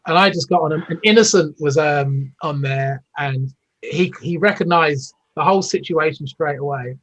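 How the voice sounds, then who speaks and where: A man's voice: fairly high pitch, normal speed, fairly bright tone, low-quality recording. A British man in his fifties, a former Olympic athlete telling long rambling stories as an interview guest, with plenty of fillers and restarts. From United Kingdom. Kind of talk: casual storytelling interview.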